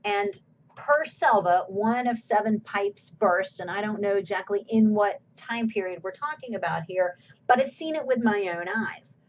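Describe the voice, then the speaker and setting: A woman's voice: medium pitch, lively intonation, normal speed, highs cut off. A woman course instructor giving a recorded slide lecture in a conversational way, asking her own questions and answering them.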